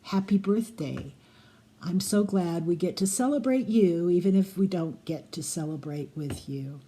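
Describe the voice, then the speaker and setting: Woman, very dark, mellow tone, fond and reminiscing birthday greeting. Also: lowish voice, expressive, a little slow. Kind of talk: casual video greeting.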